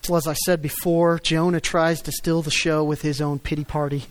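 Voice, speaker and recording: A man preaching a sermon, swinging between loud emphatic stresses and low quiet asides. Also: little pitch movement, normal speed, clear, resonant tone. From United States. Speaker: pastor.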